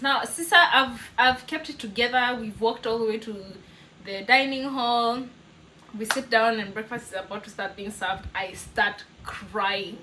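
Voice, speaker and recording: Kenyan girl vlogging, kinda high voice, laughs a lot, bit of hiss. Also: rough recording. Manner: animated, laughs often, mixes in Swahili words. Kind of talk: casual storytelling vlog.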